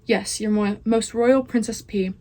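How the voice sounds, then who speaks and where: A teenage girl reading aloud, voicing a smooth-talking, overly polite male rat villain in a storybook. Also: fairly high pitch, fairly even intonation, a little slow, darkish tone. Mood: smooth, scheming. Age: teens. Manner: silky, overly polite and formal.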